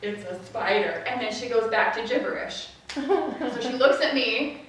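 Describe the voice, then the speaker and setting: A middle-aged woman telling a personal story to a live audience, acting out her family's voices with big jumps in pitch. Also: measured pace, slight background noise. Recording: echoey hall, voice from a distance.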